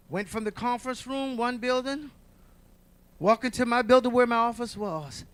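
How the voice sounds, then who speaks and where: A man's voice: very high voice, moderate pace, fairly bright tone, smooth. A man in his sixties giving an emphatic church testimony as a preacher, repeating himself and calling out to the congregation. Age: 60s. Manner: emphatic, repetitive, calls out to the congregation.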